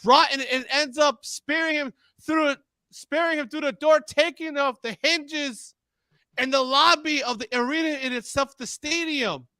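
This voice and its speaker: A man with a very high, bright voice calls a wrestling match in rapid, rambling play-by-play and keeps stumbling over his words. The sound is dry and close. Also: dry recording. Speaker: wrestling commentator. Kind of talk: excited play-by-play commentary.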